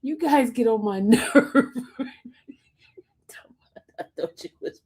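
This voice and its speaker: A woman's voice: on the high side, animated, slow pace, darkish tone, breathy edge. A woman hosting a casual livestream, laughing often and teasing her chat, sometimes dropping to a whisper. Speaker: livestream host reading chat.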